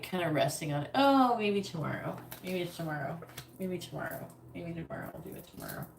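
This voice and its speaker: Woman psychic on a live stream, lowish voice, chatty and meandering, roomy echo with faint hiss. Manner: chatty, rambling, talks directly to viewers. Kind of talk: live-stream tarot reading.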